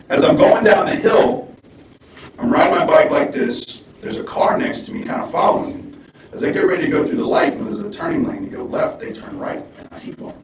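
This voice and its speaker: A man giving a commencement speech as a conversational, animated story in a large hall, recorded from a distance. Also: very deep voice, creaky, noisy background. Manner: animated, conversational, mimics the voices of others. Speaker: commencement speaker. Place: large hall at a graduation ceremony. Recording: dull, roomy sound from far off.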